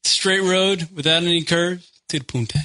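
A man on a loose radio talk show, playfully needling his partner as they argue. His voice sits a bit high, and his tone is very bright and cutting. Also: moderate pace, slight background noise. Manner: teasing, playfully argumentative. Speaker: radio co-host. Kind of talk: casual radio banter.

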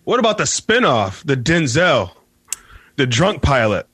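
A young man co-hosting a radio show, teasing and animated in profane casual banter. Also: a little high, a little slow, husky, dry recording. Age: young adult. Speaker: radio co-host.

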